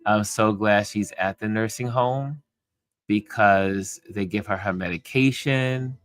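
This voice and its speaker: A middle-aged man hosting a casual livestream chat from home, talking in an easygoing, rambling way with soft laughs. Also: fairly low pitch, slow pace, no room sound. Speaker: livestream host reading chat.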